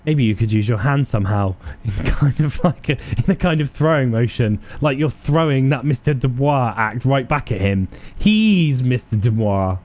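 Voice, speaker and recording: A man reading game narration aloud during a playthrough, with a wry, expressive delivery. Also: mid-range voice, moderate pace. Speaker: video game player and narrator.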